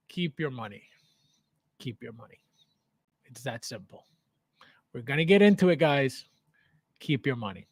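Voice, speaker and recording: A man's voice: high voice, no room sound, clean studio sound. A man hosting a casual livestream from his home basement, greeting viewers by name, reading chat aloud and laughing often. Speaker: livestream host.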